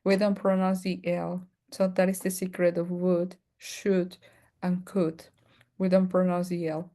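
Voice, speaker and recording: A woman whose first language is Spanish, teaching an online English pronunciation class, repeating words slowly and laughing often. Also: on the low side, little pitch movement, warm tone. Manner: slow, drawn-out drilling of words, laughs often.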